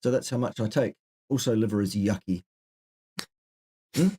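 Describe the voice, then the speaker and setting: A man's voice: on the low side, normal speed, warm tone, slightly rough. A middle-aged man co-hosting a live question-and-answer chat, who gives dry, joking answers and drifts into asides. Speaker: co-host answering viewer questions.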